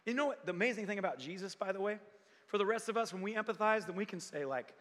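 High, bright-voiced male preacher. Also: animated, fast talker, in a large hall. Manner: dramatic, swings from loud to hushed. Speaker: pastor. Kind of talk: sermon.

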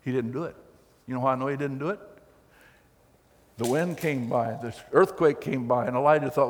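A man preaching a sermon as pastor, telling the story in a folksy, animated way with acted quotes. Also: medium pitch, normal speed. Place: church hall. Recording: long hall reverb.

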